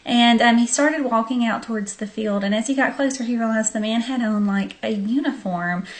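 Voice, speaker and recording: A young woman with a Southern US accent talks straight to her viewers, casual and chatty, filling her pauses with ums. She tells her story at an easy, conversational pace in a middle-pitched voice. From southern Arkansas. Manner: chatty, many ums, friendly direct address. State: tired, up late at night. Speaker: vlogger.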